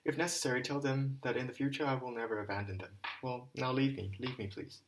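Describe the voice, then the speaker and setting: Guy reading doing a proud intense young woman, pitch pushed up, breathless. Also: steady tone, fast, a little hiss or hum, lightly acted. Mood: curt.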